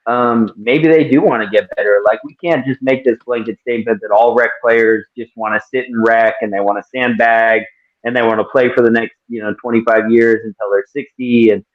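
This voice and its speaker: A man's voice: mid-range voice, steady tone, a little fast, dull audio. A man co-hosting a podcast about officiating, talking things through casually with frequent restarts. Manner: thoughtful, many restarts and fillers. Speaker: podcast co-host, flag football official.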